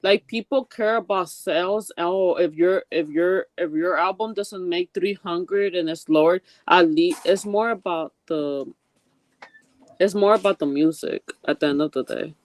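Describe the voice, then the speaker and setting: A co-host chats in a relaxed, casual way at an everyday middle pitch. The sound is close and dry. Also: measured pace, no echo. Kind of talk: casual chat.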